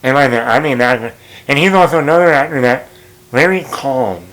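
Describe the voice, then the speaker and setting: A man's voice: medium pitch, animated, moderate pace, a bit bright, poor audio. Rambling casual male movie vlogger. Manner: rambling, self-correcting, chuckles at own jokes.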